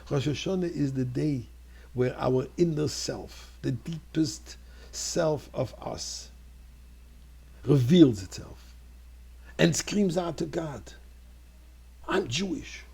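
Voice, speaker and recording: A man's voice: fairly high pitch, takes it slowly, vocal fry, pauses often, dark tone, husky. An older man, a rabbi, telling a story in an earnest sermon that rises to fervent exclamations. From Montreal.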